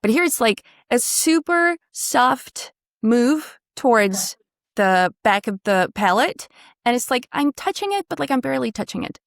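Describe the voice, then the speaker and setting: A woman's voice: fairly high pitch, very animated, unhurried, creaky, no echo. Encouraging woman voice coach, dry sound. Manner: encouraging, models sounds and sings them out. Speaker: voice and pronunciation coach. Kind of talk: one-on-one pronunciation lesson.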